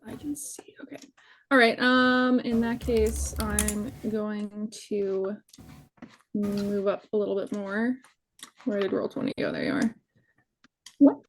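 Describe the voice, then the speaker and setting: A woman's voice: mid-range voice, level tone, takes it slowly, long pauses, a little hiss or hum. Casual woman player thinking aloud. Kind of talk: playing a tabletop game.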